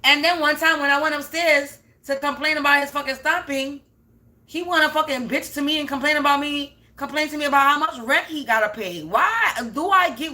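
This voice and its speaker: Bright, high-voiced woman ranting. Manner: profane, emphatic, repeats herself. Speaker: spiritual reader. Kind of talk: unscripted ranting monologue.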